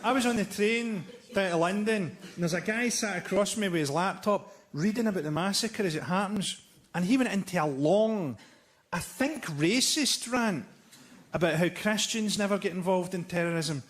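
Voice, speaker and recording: A Scottish man doing a stand-up comedy set on a live stage, delivering dark jokes in a dry, deadpan way. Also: high voice, normal speed. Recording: live show with loud ambient noise.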